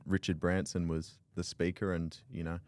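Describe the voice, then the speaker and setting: A young man with an Australian accent, a guest on a podcast, talking in a relaxed, modest, low-key way. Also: moderate pace, no echo. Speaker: guest, mortgage broker. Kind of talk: casual podcast interview.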